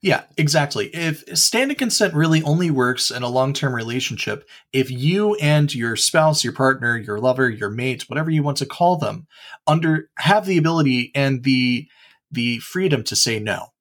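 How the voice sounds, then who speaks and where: A man chatting casually on a podcast, animated and blunt with jokey emphasis. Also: medium pitch, moderate pace. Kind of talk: casual discussion.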